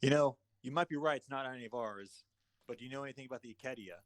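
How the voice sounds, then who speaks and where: A man in character in a tabletop game, questioning calmly and firmly. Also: mid-range voice, very fast. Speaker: player.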